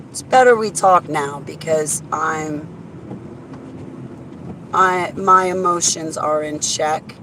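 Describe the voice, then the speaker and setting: A woman vlogger with a lowish, slightly bright voice chats casually as she drives down a highway, rambling to herself and greeting viewers by name. The recording is rough, with road and wind noise inside the car.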